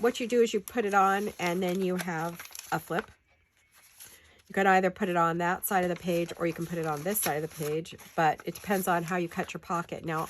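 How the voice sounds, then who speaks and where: Stuffy-nosed crafter lady w a cold, lowish voice, rambly and laughing at herself in her home studio. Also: a little hiss or hum. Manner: chatty, rambling and self-deprecating. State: stuffed-up nose from a head cold. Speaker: paper-craft vlogger. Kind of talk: casual crafting tutorial.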